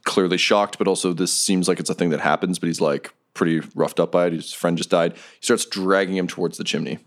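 A man's voice: low-pitched, steady tone, brisk. A man narrating a tabletop game as game master, in loose narration full of ums and uhs.

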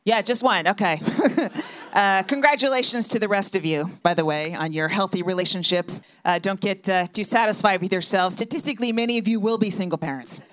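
Deadpan stand-up woman, 40s, dry jokes into a stage mic, middle pitch. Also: fairly quick. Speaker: stand-up comedian. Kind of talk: stand-up set. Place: comedy club stage.

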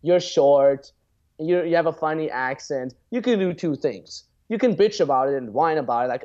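A man's voice: on the high side, normal speed, darkish tone. Blunt young man on a muffled line. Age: 20s. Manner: blunt and profane, freely acts out example lines. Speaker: guest dating coach. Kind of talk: casual podcast chat.

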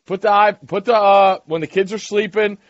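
A man's voice: high-pitched, fairly even intonation, no echo, dull audio. A man co-hosting a casual podcast chat, teasing and rattling off tips. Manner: teasing, gives rapid tips. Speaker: podcast co-host.

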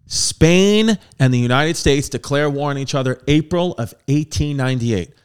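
A man in his thirties hosting a comic history monologue, brash and crude, riffing with mock voices and sudden shouts. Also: medium pitch, smooth. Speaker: comedian hosting a history show.

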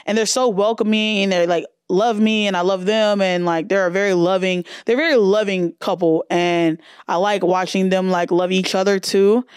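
A woman hosting her own podcast, chatting in a brash, profane, animated way. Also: medium pitch, normal speed, hardly any pauses, clean tone, no room sound, clean studio sound. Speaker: podcast host. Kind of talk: casual solo podcast chat.

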